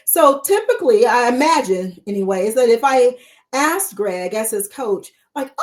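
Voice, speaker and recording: Lady mentor coach teaching live, keeps asking the viewers questions, higher voice. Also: animated, normal speed. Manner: repeats rhetorical questions to the audience. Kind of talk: live-streamed coaching lesson.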